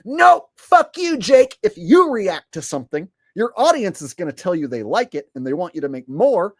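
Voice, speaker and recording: A man putting on a high, shrill, shouting voice that scolds and sneers at him. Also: sing-song, normal speed, no echo, clean studio sound, full character voice. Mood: scolding.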